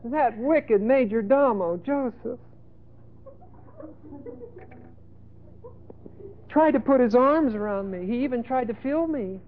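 Man doing a whiny high-pitched wife, mock-tearful, simpering, tinny lo-fi tape. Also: animated, normal speed, a little hiss or hum. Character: simpering seductive woman, master's wife, falsely accusing. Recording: tinny phone-like lo-fi sermon tape.

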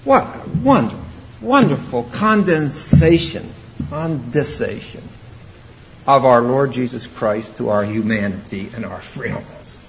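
A man preaching an expository sermon, emphatic and rising to loud exclamations. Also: medium pitch, expressive, a little slow, slight background noise, rough recording.

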